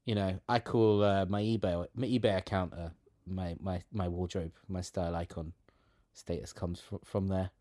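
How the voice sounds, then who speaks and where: Rambling man, low pitch, joking tangents, casual podcast chat. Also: fairly even intonation, normal speed, few pauses, dark tone, no echo, clean studio sound. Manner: rambling, jokey tangents with many restarts. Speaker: podcast co-host. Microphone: remote call.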